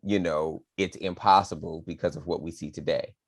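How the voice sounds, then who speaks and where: Man, lowish voice, co-host, casual political chat, playful, dry close sound. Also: normal speed, no echo. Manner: conversational, animated, playful asides with a co-host. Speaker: podcast co-host.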